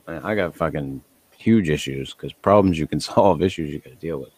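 A man with a low, deep voice talks loosely on a podcast, swearing and wandering off into tangents with a laugh. The sound is dry and close to the microphone. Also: fairly quick, darkish tone, slightly rough, no room sound. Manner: profane, rambling, laughing often. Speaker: podcast co-host. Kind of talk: casual chat.

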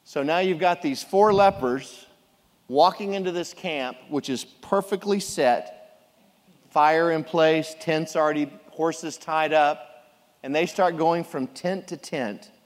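Middle-aged male pastor, lively joking sermon delivery, slightly higher voice, long hall reverb. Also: slow. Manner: animated, jokey storytelling preacher.

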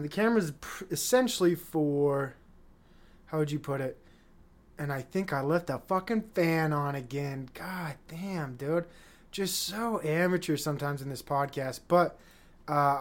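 Flustered swearing podcast host, breathless. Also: male voice, fairly high pitch. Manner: rambling, flustered, swearing a lot. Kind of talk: casual solo podcast chat. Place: small room with chairs, fan running.

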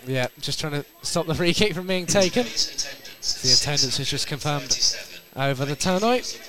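A man from North East England commentating live on a football match outdoors, quick play-by-play that rises in pitch and volume at big moments. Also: animated, a loud crowd.

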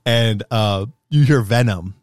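A young man in casual chat, excitedly retelling a movie scene with lots of fillers and restarts. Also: on the low side, slow pace, no room sound, clean studio sound. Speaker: podcast co-host.

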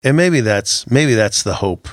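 A man's voice: medium pitch, animated, a little slow, no room sound, clean studio sound. A middle-aged man co-hosting a casual Christian podcast, talking in an earnest, reflective way with frequent halts and restarts. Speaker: podcast co-host.

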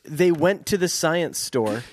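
A man's voice: fairly high pitch, expressive, slow pace. A man co-hosting a casual podcast, rambling and laughing often as he banters about a book chapter. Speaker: podcast co-host.

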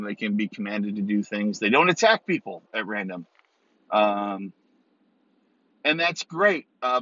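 A man's voice: lowish voice, pushed and bright, no room sound. A man hosting his own podcast, talking casually and rambling with many ums and restarts. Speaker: podcast host. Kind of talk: casual solo podcast talk. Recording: dull, dry recording.

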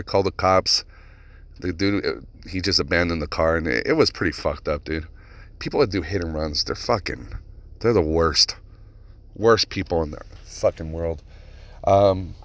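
Deep-voiced man telling casual podcast stories. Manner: rambling, profane, animated storytelling. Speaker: podcast host. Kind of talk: casual solo podcast storytelling.

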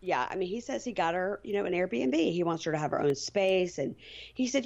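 A woman's voice: on the low side, lively intonation, fairly quick, creaky, darkish tone, dull audio. A woman guest on a podcast, chatting playfully and retelling TV scenes with quoted voices. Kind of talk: casual TV recap chat.

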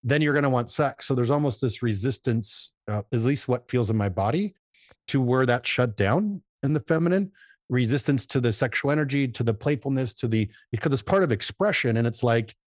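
A man's voice: medium pitch, lively intonation, a little fast, dry recording, studio quality. A man talking as a podcast guest in casual conversation, rambling and searching for words, often acting out little quoted scenes. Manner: acts out voices in quoted examples.

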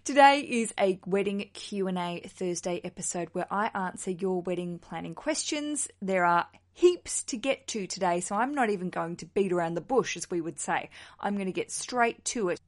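Woman, podcast host, chatty, bubbly, self-mocking, rambling, mid-pitched voice. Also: animated, normal speed. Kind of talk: solo podcast talk.

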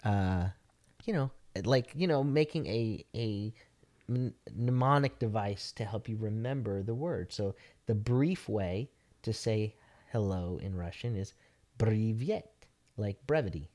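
A man's voice: fairly low pitch, a little slow, dark tone. A man co-hosting a casual faith podcast, wry and fond of explaining with wordplay. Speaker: podcast co-host. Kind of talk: casual chat.

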